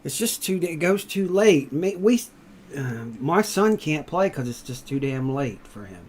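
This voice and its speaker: A man's voice: a little high, unhurried, a little hiss or hum. A middle-aged man chatting casually, telling rambling stories, swearing freely. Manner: storytelling, swearing freely, rising loud when excited. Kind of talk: casual chat.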